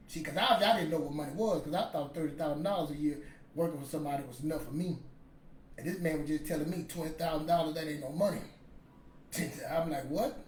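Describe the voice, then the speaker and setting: A man's voice: fairly high pitch, darkish tone, recorded from a distance, slight background noise. A man, casually telling a motivational story in a rambling, emphatic way. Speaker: podcast host. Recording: echoey room with faint ambience.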